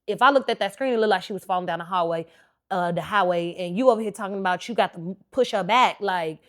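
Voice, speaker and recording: A woman podcast host, telling a personal story in an animated, talkative way and acting out what people said. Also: medium pitch, quick pace. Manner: animated, talkative storyteller who acts out quotes.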